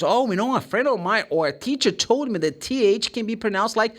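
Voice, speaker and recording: A man with a Brazilian Portuguese accent teaches English pronunciation. His pitch rises and falls widely as he explains. He models the sounds himself and acts out the questions students ask. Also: animated, brisk, few pauses, pushed and bright. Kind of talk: pronunciation lesson.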